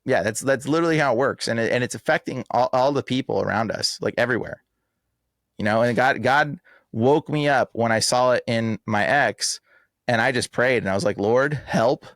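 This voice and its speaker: Man ranting fast and emphatic, says bro a lot, dry close-up sound. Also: medium pitch, no echo. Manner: animated, emphatic, slangy with frequent "bro" and "like". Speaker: exorcist guest. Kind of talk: casual podcast interview.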